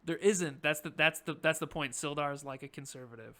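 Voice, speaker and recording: A man's voice: a little high, brisk, a bit bright. A man narrating a tabletop game as game master, in a loose, filler-filled style.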